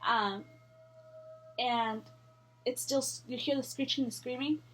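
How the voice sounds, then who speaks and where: A woman's voice: fairly high pitch, steady tone, unhurried, fairly bright tone, soft background music. A young woman telling a scary story in a casual, rambling way, full of fillers and swearing.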